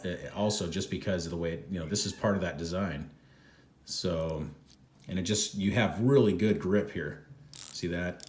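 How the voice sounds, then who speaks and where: Male reviewer, deep voice, casual rambling delivery, roomy echo. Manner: relaxed, rambling, many fillers. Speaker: watch reviewer. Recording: echoey room.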